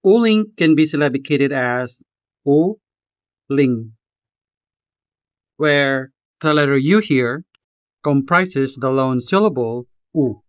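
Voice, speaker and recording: Male language tutor, slow careful delivery, smooth voice, dry and slightly dull recording. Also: mid-range voice, animated, no echo. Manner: slow, careful, spells out syllables. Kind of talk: scripted lesson narration.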